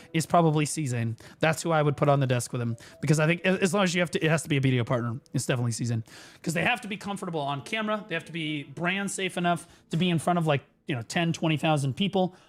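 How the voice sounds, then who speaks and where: Excitable high-voiced man ranting. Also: fast talker. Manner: profane, excitable, bursts into shouts. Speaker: streamer. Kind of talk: animated storytelling rant.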